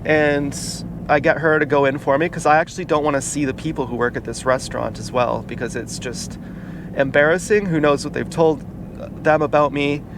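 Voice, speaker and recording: A man tells a personal story in a casual, halting way, full of fillers and restarts. His voice sits a little high. It was recorded outdoors, and clear car and street noise runs behind him. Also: fairly even intonation. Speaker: vlogger.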